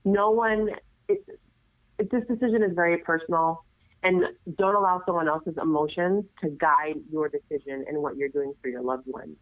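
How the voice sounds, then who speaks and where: A woman, a nurse guest, giving earnest, animated advice in conversation, often restarting her sentences. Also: deep voice, moderate pace, no echo. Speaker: nurse and assisted living administrator, guest. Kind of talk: conversational interview. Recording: tinny phone line, dry.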